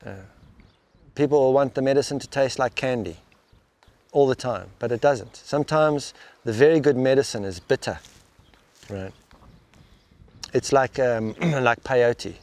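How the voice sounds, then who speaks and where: A man with an ordinary, middle-range voice talks reflectively about inner experience. His delivery is halting and unpolished. He often doubles back to restart a phrase or repeat a word before he goes on. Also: mid-range voice, a little mellow. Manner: thoughtful, halting, with frequent restarts and repeated words. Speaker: spiritual teacher interviewed as guest. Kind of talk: reflective interview talk. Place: outdoors in the rain.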